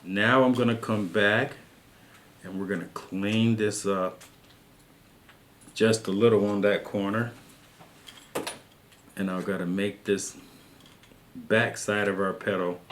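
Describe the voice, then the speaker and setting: A man calmly teaching soap carving, talking patiently through each cut as he works. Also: on the low side, slow, pauses often, slight background noise. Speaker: carving instructor. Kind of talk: step-by-step craft tutorial.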